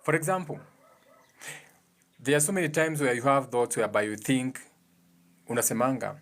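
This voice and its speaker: A man with a Kenyan accent speaks in a casual, motivational way. His voice sits at an ordinary male pitch. He explains earnestly and hammers home his points by repeating them. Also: moderate pace, long pauses, fairly bright tone. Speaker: speaker giving advice on emotions.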